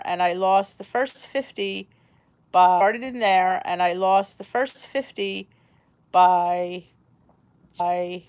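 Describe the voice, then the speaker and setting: A woman in her forties hosting a casual chat, talking in a rambling, candid way. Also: fairly low pitch. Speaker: host.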